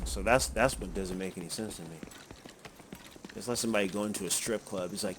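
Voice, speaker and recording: A man with a fairly low voice chats loosely over his gameplay, wandering from point to point with chuckles and casual cursing. Steady background noise runs under the recording. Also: fairly quick. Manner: rambling, chuckling, swears freely. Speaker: gameplay commentator.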